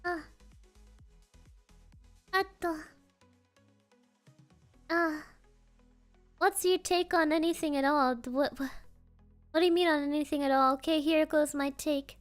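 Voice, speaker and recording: High-voiced, slow-talking woman streamer. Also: steady tone, soft background music. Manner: playful and rambling, laughs often. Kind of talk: casual chat stream.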